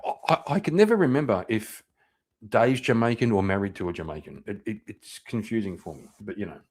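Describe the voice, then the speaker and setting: A man's voice: on the low side, expressive, a little fast. A man hosting a live stream, reacting to clips in loose, profane commentary, laughing and repeating himself. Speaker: livestream host reacting to clips.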